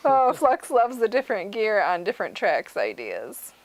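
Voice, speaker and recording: A woman's voice: medium pitch, big pitch swings, moderate pace, poor audio. A woman co-hosting a livestream, reading viewer comments aloud and giggling often. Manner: giggly, reads out chat comments. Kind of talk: casual livestream chat.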